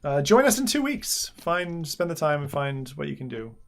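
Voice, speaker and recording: A man's voice: fairly high pitch, sing-song, moderate pace, creaky, crowd noise. A man hosting a racing game stream, chatting casually and laughing over voice chat. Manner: laughing, easygoing, slightly scattered.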